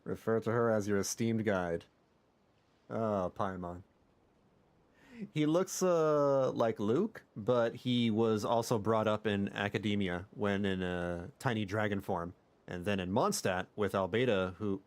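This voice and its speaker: A young man casually commenting on a game while livestreaming, with chatty, animated reactions. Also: on the low side, a little slow. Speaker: streamer.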